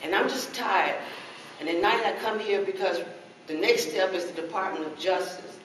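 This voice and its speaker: A woman's voice: medium pitch, normal speed, fairly bright tone. A middle-aged woman speaking passionately as a parent caregiver at a public forum, pleading and repeating herself. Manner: impassioned, pleading, repetitive. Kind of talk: emotional public comment. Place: public meeting hall. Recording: echoey hall from far off, noisy.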